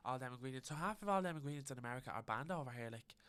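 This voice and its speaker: Fast, bright-voiced Irish young man. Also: medium pitch, expressive, smooth. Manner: blunt, swears freely, chatty and gossipy. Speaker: podcast co-host. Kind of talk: casual chat.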